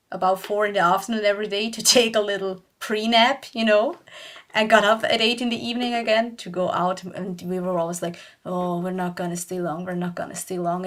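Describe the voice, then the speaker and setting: Chatty young woman telling a story. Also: medium pitch. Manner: chatty, rambling, laughs often, acts out quotes. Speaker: YouTuber. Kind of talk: casual storytelling vlog.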